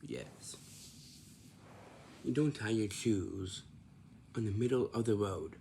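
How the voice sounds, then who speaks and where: A man's voice: fairly low pitch, unhurried, warm tone, a little hiss or hum. A man giving casual advice in a monologue, repeating himself, restarting phrases and ending points with "right?". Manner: repetitive, instructive, many restarts and tag questions. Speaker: vlogger giving life advice.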